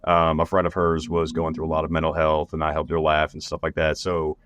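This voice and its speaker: A man's voice: a bass voice, monotone, fairly quick, a bit bright. A man hosting a podcast, talking in a laid-back way, swearing freely and voicing the quotes. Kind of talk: casual podcast chat.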